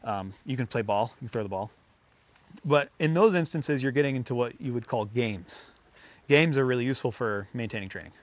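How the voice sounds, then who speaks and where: Male dog trainer, casual and chatty, fillers everywhere, mid pitch, muffled lo-fi recording. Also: lively intonation, brisk, no room sound. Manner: chatty, filler-heavy, talks to the dog in bursts of praise and commands. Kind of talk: casual hands-on lesson.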